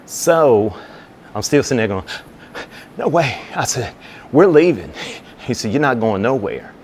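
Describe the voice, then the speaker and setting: A man with a very low voice tells a personal story in an interview. He is relaxed and chatty and keeps slipping into the voices of the people he talks about. A faint low rumble sits under the recording. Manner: animated storyteller who acts out both sides of conversations; relaxed, conversational, with many "you know" asides. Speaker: fire captain and business owner.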